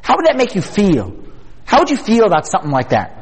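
A man giving an energetic youth sermon at a retreat, talking casually and often asking his listeners questions. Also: high-pitched, quick pace, breathy edge, long reverb tail, rough recording. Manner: energetic, conversational, asks the audience questions.

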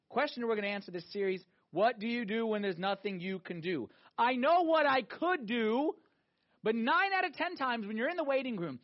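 A man's voice: very high-pitched, highs cut off. A man preaching a sermon in an emphatic, conversational way, returning again and again to the same question. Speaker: pastor.

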